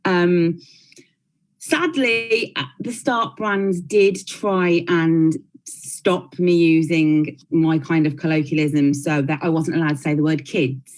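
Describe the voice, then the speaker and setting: Low-voiced Brummie woman, chatty. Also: steady tone, takes it slowly, a little mellow, rough recording. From Birmingham, England. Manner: chatty, many likes and restarts. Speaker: blogger and panel speaker. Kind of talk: prepared panel talk.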